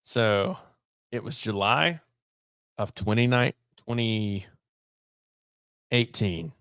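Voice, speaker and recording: A man's voice: fairly low pitch, slow, a bit bright, clean tone, no echo, studio quality. Man telling a long story. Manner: long anecdote with quoted dialogue and many restarts. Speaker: podcast guest. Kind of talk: casual storytelling.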